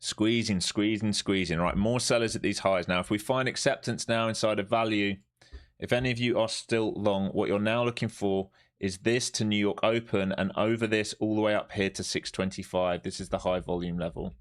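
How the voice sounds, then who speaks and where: Guy streaming his trades, lowish voice, swears a lot, pretty animated. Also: moderate pace. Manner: animated, profane, swears freely. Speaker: live-stream day trader. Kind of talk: live trading stream commentary.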